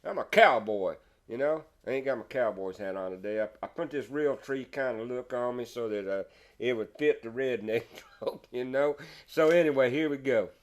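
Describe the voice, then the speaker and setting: A man's voice: mid-range voice, moderate pace. Folksy Texas man spinning a yarn. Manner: folksy, rambling, chuckles at his own joke. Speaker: woodworker telling a joke. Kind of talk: casual storytelling. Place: his woodworking shop, indoors.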